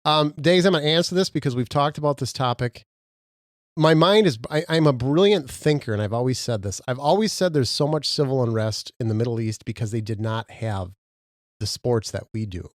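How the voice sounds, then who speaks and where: A man from Minnesota holds forth on a casual podcast, rambling from one story to the next and boasting as he goes. His voice sits at an ordinary pitch, and the recording is close and dry, with no room sound. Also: brisk, no room sound. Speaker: podcast co-host.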